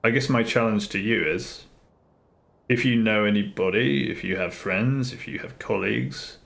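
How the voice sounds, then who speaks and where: An earnest man chatting on a live stream, his voice sitting a little low. He rambles and circles back to the same phrases as he thinks aloud, in an easygoing, unscripted way. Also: normal speed, creaky, fairly bright tone. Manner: earnest, rambling, repeats himself. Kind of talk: casual live-stream chat. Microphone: streaming mic, face off camera.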